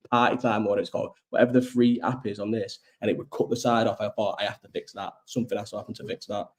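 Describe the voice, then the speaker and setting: A man's voice: mid-range voice, a little mellow. A young man hosting a casual live chat, rambling and swearing freely, ill with a cough. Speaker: host.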